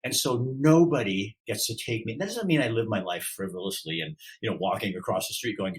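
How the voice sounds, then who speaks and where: Animated man telling his story. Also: quick pace, hardly any pauses, rough recording. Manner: animated, acts out quoted voices, pitch swings widely. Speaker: podcast guest. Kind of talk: candid interview talk.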